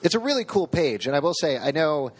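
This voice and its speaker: A man's voice: a little high, brisk. A man hosting a comic podcast, joking and steering the chat between segments. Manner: lively, joking, steers the show. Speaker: podcast host.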